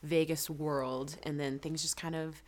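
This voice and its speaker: A young woman from Georgia chats as a guest singer, slightly low in pitch. She tells her stories animatedly, slipping into quoted asides. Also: little pitch movement, a little slow. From Georgia, USA. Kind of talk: casual interview chat.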